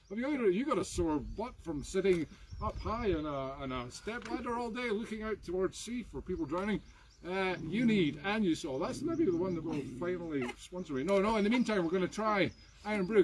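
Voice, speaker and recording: A Scottish man hosting a live music stream, joking playfully and mocking himself. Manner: playful, self-mocking, with sudden high squeals at the dog. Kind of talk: jokey live-stream banter. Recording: noisy background.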